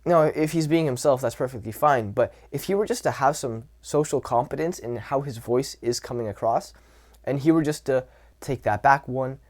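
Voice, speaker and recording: A man's voice: mid-range voice, normal speed. A young man giving casual dating and self-improvement advice, talking loosely with fillers and restarts. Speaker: dating and social skills coach. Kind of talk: casual advice talk to camera.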